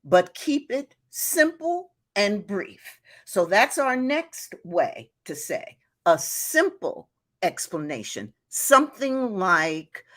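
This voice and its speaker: Slow, lively-voiced woman hosting a live show. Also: medium pitch. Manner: chatty and encouraging, often laughing, many "you know" fillers. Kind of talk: live-streamed advice talk to viewers.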